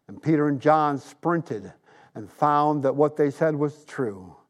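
Man, 60s, pastor, sermon, emphatic storytelling, earnest appeals, slightly high pitch. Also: unhurried.

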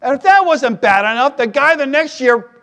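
Middle-aged male pastor with a high voice, chatty sermon delivery and loud emphatic bursts. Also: expressive, normal speed. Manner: conversational, joking, rising to loud emphatic peaks.

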